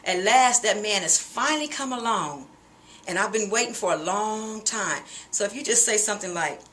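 A middle-aged woman talks through a singing lesson in a bright, clear voice, explaining at an easy, chatty pace with the odd "uh" and "um". A faint room ambience sits quietly behind her. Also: medium pitch, moderate pace, slight background noise. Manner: relaxed, conversational explaining with frequent fillers. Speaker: singing teacher. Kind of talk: vocal lesson with sung demonstrations.

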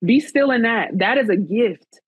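A woman journalist appearing as a guest in a casual interview chat, speaking in an animated, encouraging, almost preacher-like way. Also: a little high, a little slow, husky, dry recording, phone-quality sound.

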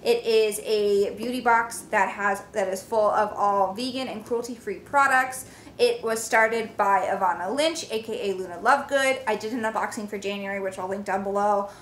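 A young woman on her vlog, casual and gushing, gasping with excitement as she unboxes. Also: medium pitch, moderate pace. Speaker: book vlogger. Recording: echoey room with faint hiss.

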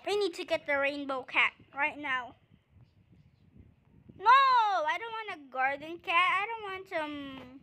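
A young woman chatting to viewers while playing a pet-collecting game, breaking into excited yells. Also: high-pitched, takes it slowly. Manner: chatty, bursts into excited screaming; addresses viewers as guys. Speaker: gaming video creator. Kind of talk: casual gameplay commentary.

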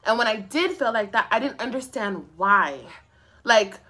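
A woman's voice: fairly high pitch, animated, normal speed, pushed and bright. A young woman livestreaming from her phone, ranting to viewers in a blunt, profane, sassy way and laughing often. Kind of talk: casual live-stream rant.

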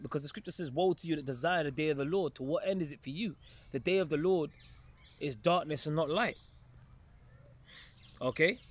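Guy preaching casual and emphatic, fairly high voice, keeps checking in w the listeners. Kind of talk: informal preaching sermon.

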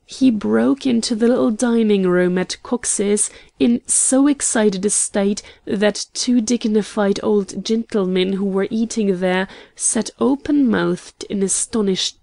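A woman reads a classic novel aloud as an audiobook narrator. Her telling is slow and measured, and her tone is mellow. The recording is dry and close. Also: medium pitch, vocal fry, no echo. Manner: measured, even storytelling. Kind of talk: scripted narration.

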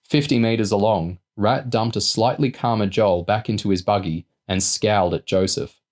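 Low-voiced man reading a novel. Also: steady tone, moderate pace, a little mellow. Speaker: reader. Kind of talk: audiobook reading.

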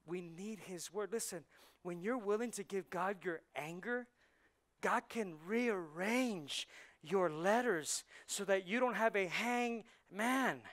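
A male pastor preaching a sermon in a church service, swinging between hushed and loud. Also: high voice, slow pace.

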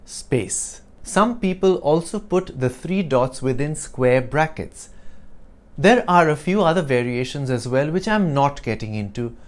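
A man teaching an English lesson, explaining clearly and deliberately with wry asides. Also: on the high side.

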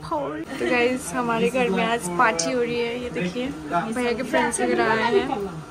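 A woman's voice: on the high side, fairly even intonation, rapid-fire, over a noisy crowd. A woman vlogging a family house party, chatting casually, laughing often and cheering people on. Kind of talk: casual vlog chat. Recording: noisy crowded party.

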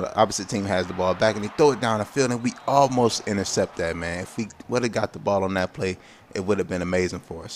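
A man's voice: fairly low pitch, slight background noise. A man giving casual let's-play commentary, narrating his football video game play by play with exasperated outbursts and slang. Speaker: gameplay commentator.

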